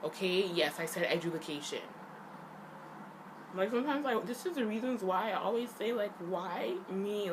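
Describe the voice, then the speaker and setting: A woman's voice: medium pitch, expressive, normal speed, background noise. Frustrated young woman ranting to camera. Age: young adult. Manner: upset ranting, heavy use of "like". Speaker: vlogger. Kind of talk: casual venting to camera.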